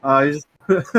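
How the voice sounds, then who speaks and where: A man on a voice call, loud and laughing, teasing in quick bursts. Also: fairly high pitch. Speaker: caller on a stream. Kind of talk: joking voice-chat banter.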